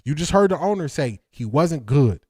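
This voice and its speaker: A man's voice: a little high, very animated, moderate pace, warm tone, husky, no room sound, clean studio sound. A man hosting a football breakdown livestream, talking energetically and emphatically, repeating lines and laughing often. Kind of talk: casual livestream commentary.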